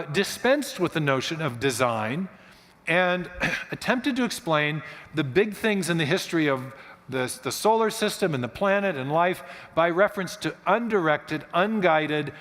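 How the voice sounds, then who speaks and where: A man with a fairly high voice tells a history lecture as a guest speaker in a church, lively in how he builds his points and clearing his throat now and then. His voice rings out with a long hall reverb around it. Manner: animated storyteller, clears throat often. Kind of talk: lecture-style storytelling talk. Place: church auditorium.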